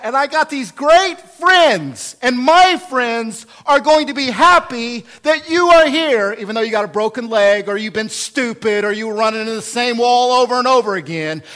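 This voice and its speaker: A man voicing an overjoyed rescuer who welcomes the lost back, high-pitched and shouting with emotion.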